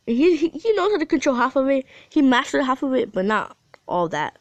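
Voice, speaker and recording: A woman's voice: high voice, very animated, a little fast, no room sound. A woman rambling through a fan story retelling, with many fillers and restarts.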